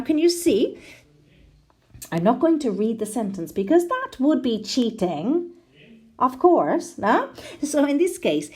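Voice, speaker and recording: A woman teaching an English pronunciation class, explaining slowly and checking in with a frequent "no?". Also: mid-range voice. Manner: slow, lively teacherly delivery with frequent tag "no?". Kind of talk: recorded online class.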